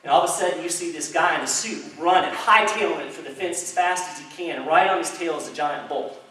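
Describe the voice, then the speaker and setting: A man giving a public talk to a crowd in a chamber of commerce hall, in an animated storytelling manner. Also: fairly high pitch, quick pace. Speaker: speaker. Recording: echoey hall, distant mic, faint noise.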